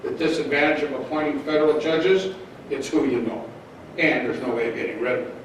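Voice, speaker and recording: A man's voice: fairly high pitch, fairly even intonation, fairly quick, slight background noise. An older man from Minnesota, a public defender giving a blunt, folksy talk to an audience in a hotel function room. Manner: folksy, blunt storyteller with punchy asides. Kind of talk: lecture to a live audience. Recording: echoey room, speaker far from mic.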